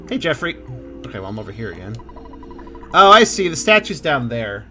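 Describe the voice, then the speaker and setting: A man's voice: medium pitch, sing-song, a little fast, sharp tone, soft background music. A man casually commenting on a game he is playing, wry and swearing freely. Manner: wry, swearing, laughs often. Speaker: let's play host.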